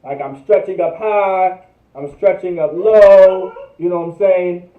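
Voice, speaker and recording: High-voiced man teaching, tinny and echoey. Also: measured pace. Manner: repetitive, drills each word, thinks aloud. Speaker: class teacher. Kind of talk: livestreamed language class. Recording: echoey, distant, tinny phone-like sound.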